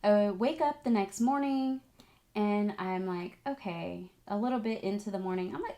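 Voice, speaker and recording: A young woman talks straight to her viewers, telling a story in a loose, chatty way with plenty of filler words. Her voice leaps up high at the exciting parts, and she sometimes sounds close to tears. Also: normal speed. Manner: animated, emotional, chatty with many "like"s. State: tearful at times. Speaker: vlogger, esthetics student. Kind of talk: casual storytelling to camera.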